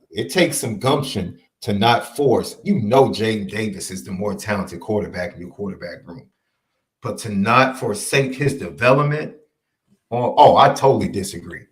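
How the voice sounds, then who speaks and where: A man co-hosting a sports podcast in casual chat, emphatic and repeating his points. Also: fairly low pitch. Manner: animated, emphatic repetition. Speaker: podcast co-host.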